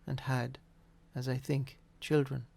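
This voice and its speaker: A man voicing a calm, grave ghost in a soft, measured way in a storybook reading. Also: medium pitch, gravelly, exaggerated voice. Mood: solemn.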